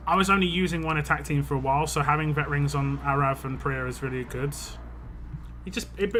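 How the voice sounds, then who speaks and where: A man's voice: on the high side, bright, forceful tone. A man streaming a mobile game, chatting casually and giving opinionated takes, with frequent filler words. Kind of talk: casual live-stream commentary.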